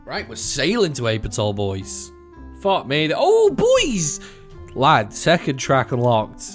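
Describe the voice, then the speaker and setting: A young man giving casual, excitable gameplay commentary, swearing freely and swinging between mumbled asides and loud outbursts. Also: mid-range voice, a little slow. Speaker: gaming video host. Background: faint background music.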